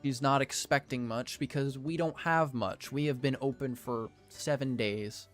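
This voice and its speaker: A man's voice: medium pitch, steady tone, a little slow, soft background music. Jokey young man narrating gameplay. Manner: jokey, self-deprecating, theatrical outbursts. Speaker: gaming video creator. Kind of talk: casual let's-play commentary.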